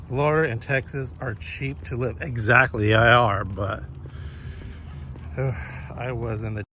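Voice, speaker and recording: Out on a walk with his dog, a man chats casually with live viewers, rambling and swearing as he tells a story. His medium-pitched voice is bright and forceful, fairly even in intonation and unhurried, with slight background noise.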